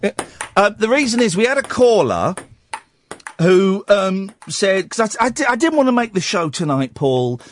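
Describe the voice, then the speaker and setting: A man's voice: high voice, sing-song, normal speed, a little hiss or hum. A man hosting a late-night radio phone-in from a studio, talking with callers in a teasing, sarcastic way. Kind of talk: casual phone-in banter. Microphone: studio microphone.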